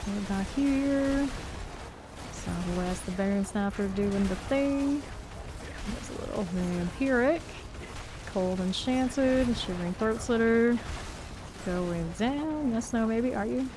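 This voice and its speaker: A woman's voice: on the high side, takes it slowly, noisy background. A woman streaming a game live, thinking aloud and calling out enemies as they appear. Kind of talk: live gameplay commentary.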